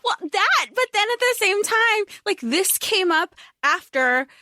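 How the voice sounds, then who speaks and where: A woman's voice: very high-pitched, unhurried, no echo, studio quality. A woman co-hosting a podcast, laughing often as she eagerly retells scenes from a book in a casual chat. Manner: giggly, excited storytelling. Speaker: podcast co-host.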